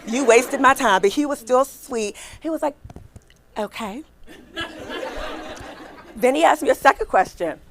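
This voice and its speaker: A middle-aged woman recruiter giving a lively career workshop, talking fast and chatty and asking her audience questions. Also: high voice, slight background noise.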